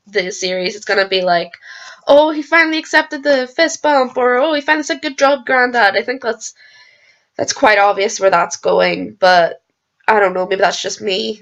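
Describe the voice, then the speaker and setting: A hoarse woman rambling excitedly in a casual reaction vlog, swearing freely and going off on tangents. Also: medium pitch, lo-fi sound. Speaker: video creator reacting to a TV episode.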